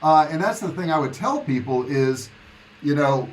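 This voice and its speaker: A man's voice: a little high, animated, moderate pace, a little hiss or hum, low-quality recording. Folksy man coaching in a live Q&A. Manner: casual, folksy, repeats for emphasis. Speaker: online business coach. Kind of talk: live Q&A talk.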